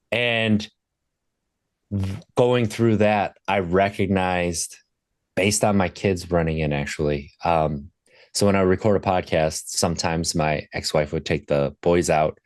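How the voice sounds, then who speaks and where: A man talking as a podcast guest, telling a candid personal story in a reflective, halting way with restarts. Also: sits low, no room sound.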